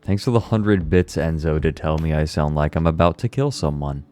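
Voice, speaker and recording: A man casually chatting with viewers on a livestream, laid-back, a little hoarse, swearing now and then. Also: extremely low pitch, normal speed, soft background music. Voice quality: slightly hoarse relaxed voice.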